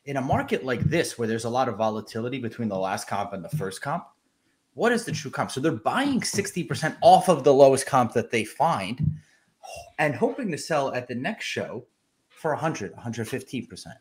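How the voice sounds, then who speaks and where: A man's voice: mid-range voice, sing-song, moderate pace. Earnest man explaining collecting. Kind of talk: casual podcast chat.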